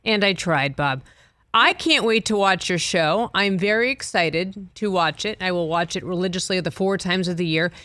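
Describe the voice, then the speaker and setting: A woman's voice: fairly low pitch, pushed and bright, no room sound. Playful woman host with a dry studio voice. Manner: quick, playful banter. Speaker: guest host. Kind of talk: casual interview chat.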